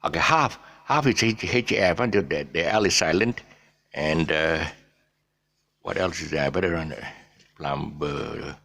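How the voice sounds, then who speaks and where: A middle-aged man, giving an off-the-cuff pronunciation lesson, repeating each word many times and drifting into soft asides. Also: rumbling low, measured pace, gravelly. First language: Eurasian family speaking English as mother tongue. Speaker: English pronunciation teacher.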